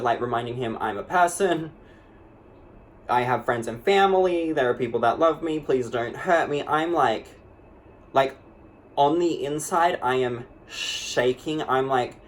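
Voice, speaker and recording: In this comedic monologue, a man voices a young female vlogger telling a dramatic storytime, breathless and rambling with "like" everywhere. His voice is mid-range and close to how he'd normally talk, and a bit of hiss or hum is audible.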